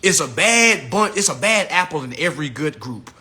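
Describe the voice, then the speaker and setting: A man on a casual livestream rant, slangy and animated, swinging from low mutters to shouts and laughing at his own jokes. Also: normal speed. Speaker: livestream host.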